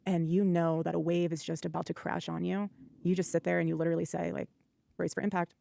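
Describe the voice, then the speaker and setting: A woman's voice: lowish voice, flat delivery, fast, gravelly, dark tone. A woman speaking earnestly and defiantly in a faith-based question-and-answer session. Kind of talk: earnest personal testimony.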